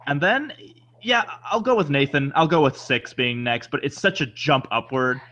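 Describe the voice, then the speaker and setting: A man's voice: fairly high pitch, moderate pace, dull audio. A man co-hosting a podcast in casual chat, rambling and correcting himself as he goes. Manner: rambling, self-correcting, animated. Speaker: podcast co-host.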